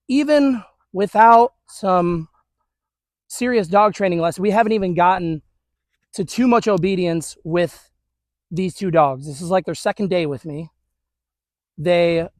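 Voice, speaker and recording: A man's voice: high voice, dry recording, studio quality. A male dog trainer giving an upbeat, chatty demonstration outdoors on a suburban street, talking to viewers while praising the dogs.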